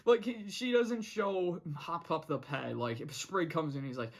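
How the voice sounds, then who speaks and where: Young adult vlogger, casual episode recap, rambly and giggly, mid pitch. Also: unhurried. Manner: rambling, many restarts and laughs. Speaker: show reviewer. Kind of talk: casual vlog episode review.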